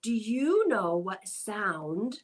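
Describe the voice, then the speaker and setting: A young woman leading a toddler storytime, reading picture books and rhymes in a playful sing-song voice with soft hushed asides. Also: medium pitch, very animated, drawn-out words. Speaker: children's librarian.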